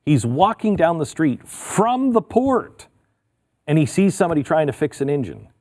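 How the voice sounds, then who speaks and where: Animated middle-aged male talk show host. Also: on the high side, normal speed. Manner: animated, storytelling. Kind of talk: casual political chat.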